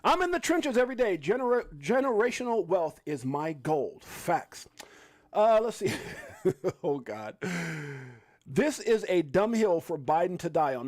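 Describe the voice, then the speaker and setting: Excitable New man hosting a livestream. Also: sits high. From Brooklyn, New York. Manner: excitable, laughing, lots of fillers. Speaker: crypto livestream host. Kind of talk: casual livestream commentary.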